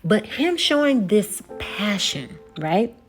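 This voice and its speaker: Young woman host for a TV recap vlog, mid-pitched voice, chatty and direct, keeps checking in with the audience, light music underneath. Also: big pitch swings, slow. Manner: conversational, repeats words and checks in with "okay?" and "right?". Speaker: TV episode reviewer. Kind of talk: casual recap and review monologue.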